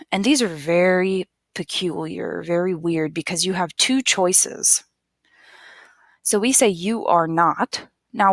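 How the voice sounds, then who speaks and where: Woman, teacher voice, patient and slow, low with a gravelly edge, dry close sound. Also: no echo. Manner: patient, repeats each word slowly for learners. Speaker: English teacher. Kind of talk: slow, careful classroom explanation.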